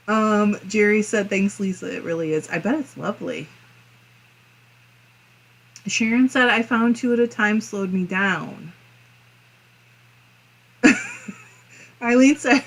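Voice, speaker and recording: A woman hosts a relaxed crafting livestream, reading out viewer comments one by one. She talks at an unhurried pace in a middle-pitched voice. Her talk is giggly, and she often breaks into laughter and coughs between comments. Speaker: fiber arts channel host.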